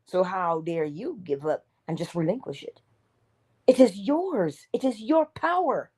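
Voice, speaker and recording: A woman's voice: medium pitch, big pitch swings, a little slow, warm tone, husky. A woman giving an inspirational morning talk in an emphatic, preacher-like way, sometimes dropping to a whisper. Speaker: motivational speaker.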